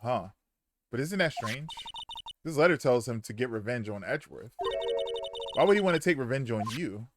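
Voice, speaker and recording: A man with a medium-pitched voice reads game dialogue aloud in a dramatic tone, breaking into casual, cursing asides. Game music plays steadily behind him. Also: animated, moderate pace, long pauses. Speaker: streamer. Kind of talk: reading game dialogue aloud on a live stream.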